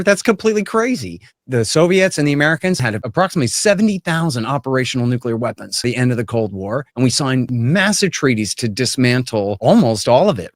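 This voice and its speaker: A man's voice: medium pitch, no echo, studio quality. A man giving blunt, emphatic, opinionated political commentary as an interview guest.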